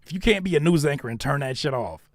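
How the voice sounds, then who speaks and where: A man's voice: fairly high pitch, lively intonation, fast, no room sound, clean studio sound. A man hosting a live stream, chatting casually and talking straight to his viewers. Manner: laid-back, talks to chat directly. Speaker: host.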